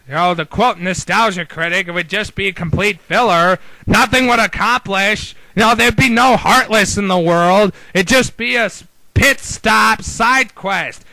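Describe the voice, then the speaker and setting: A man's voice: high voice, creaky, pushed and bright, no echo, rough recording. A man ranting casually about video games, rambling through exasperated rhetorical questions. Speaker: video game commentator. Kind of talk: casual opinion rant.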